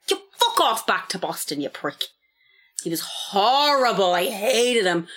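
A woman's voice: medium pitch, lively intonation, measured pace, a bit bright. An Irish woman in her thirties co-hosting a casual podcast, telling stories with lots of swearing and acted-out quotes. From Ireland. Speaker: podcast co-host. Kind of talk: casual chat.

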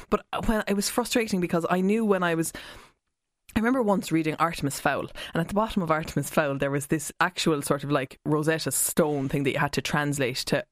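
A woman's voice: sits low, no room sound, clean studio sound. A woman, a guest on a radio book club, speaking candidly and with some self-deprecation. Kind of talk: casual radio chat.

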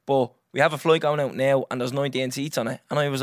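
Fast-talking Irish man telling a story. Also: medium pitch, no echo, clean studio sound. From Ireland. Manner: animated, swears freely, acts out others' lines. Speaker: podcast host. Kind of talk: casual storytelling.

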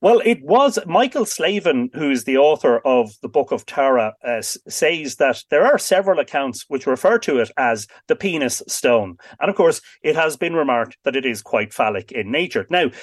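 A man's voice: mid-range voice, animated, normal speed, few pauses, dry recording, studio quality. A man on a radio interview, explaining history at length in a knowledgeable, rambling way with many fillers. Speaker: expert guest on radio.

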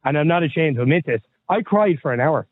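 A man's voice: a little high, animated, fast talker. A man in his thirties co-hosting a podcast, chatting in a rambling, candid way and swearing casually. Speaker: podcast co-host. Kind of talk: casual chat. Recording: tinny phone-like line.

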